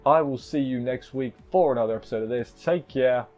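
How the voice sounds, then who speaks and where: A man's voice: medium pitch, a little mellow, lo-fi sound, faint music behind. A man casually reviewing an anime episode, rambling with restarts and briefly acting out characters' lines. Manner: chatty, rambling with many restarts and fillers; acts out characters' lines in quick asides.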